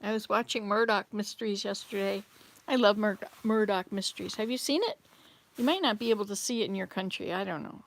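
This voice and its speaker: A woman's voice: mid-range voice, brisk. An older woman hosting a casual livestream, rambling through memories and answering viewers' comments as she goes. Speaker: livestream host reading chat. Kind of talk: casual live chat. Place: home, in Canada.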